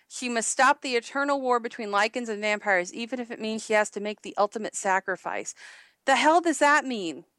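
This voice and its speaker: A woman's voice: fairly high pitch, fairly bright tone, dry recording, clean studio sound. A woman co-hosting a podcast in casual chat, rambling and laughing often with many restarts. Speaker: podcast co-host.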